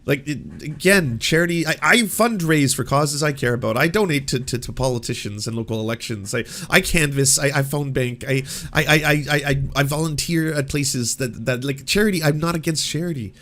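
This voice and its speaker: A man's voice: fairly high pitch, moderate pace, hardly any pauses, a bit bright. A man hosting a commentary show, ranting with profane language and stammering restarts. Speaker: commentary host.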